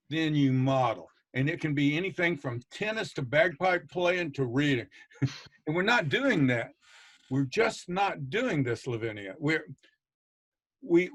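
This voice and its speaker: Emphatic, blunt man with a higher voice. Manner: emphatic and blunt, mild swearing, repeats for stress. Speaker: reading educator on a panel. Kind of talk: passionate panel discussion.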